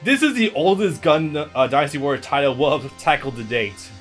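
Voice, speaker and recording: A man's voice: fairly high pitch, expressive, a little fast, a bit bright, faint music behind. A young man co-hosting a gaming video, joking, swearing freely and laughing as he talks. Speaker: let's play co-host. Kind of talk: casual gaming commentary.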